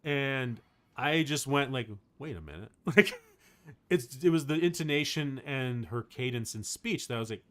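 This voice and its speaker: A man livestreaming, chatting casually with his viewers in a rambling, excitable way, full of fillers. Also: mid-range voice, normal speed. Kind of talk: casual chat to a live chat.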